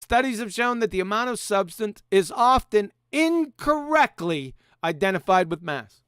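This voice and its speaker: Man, high lively voice, clear, dry sound, sarcastic host. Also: normal speed, no room sound. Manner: mocking, sarcastic, laughs often. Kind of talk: live stream talk.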